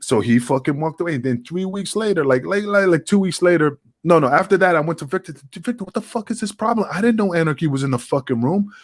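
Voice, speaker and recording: A man's voice: on the high side, fast, few pauses, no room sound, studio quality. A middle-aged man, a podcast guest, telling a story casually with heavy swearing, acting out the dialogue as he goes. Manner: profane, animated, acts out dialogue.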